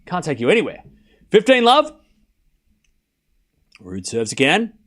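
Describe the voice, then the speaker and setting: This man's voice sits high and moves at a measured pace. As host and commentator of a live tennis watchalong, he calls each point with excitement and slips joking asides in between.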